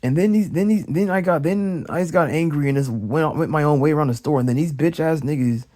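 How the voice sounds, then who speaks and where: Young man, angry casual rant, profane, repetitive, mellow higher voice. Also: fairly quick. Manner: profane, heated, repetitive ranting; swings high and loud when mimicking others. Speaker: vlogger ranting.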